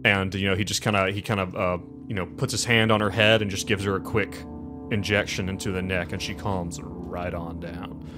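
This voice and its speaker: Low-voiced man narrating a tabletop game. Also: flat delivery, moderate pace, over music. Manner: rambling, full of restarts and "like", acts out NPC lines. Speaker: game master.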